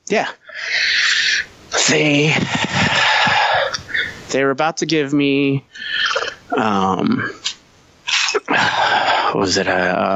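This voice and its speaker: A man's voice: on the low side, creaky, a bit bright, no echo, dull audio. A man who is a Marine veteran, telling a war story as a podcast guest, blunt and heavy on profanity. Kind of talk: casual storytelling.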